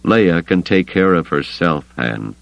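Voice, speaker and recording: A man's voice: low voice, lively intonation, unhurried, creaky, dry recording, highs cut off, full character voice. A man doing a resigned, easygoing gambler friend. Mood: reassuring. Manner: quiet, resigned. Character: calm, loyal male gambler friend, resigned.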